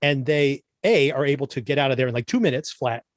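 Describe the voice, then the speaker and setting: A man of middle pitch hosts a casual review podcast, picking a show apart with exasperated sarcasm and frequent laughs. His voice sounds dry and close, with almost no room around it. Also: fast talker, no room sound. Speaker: podcast host.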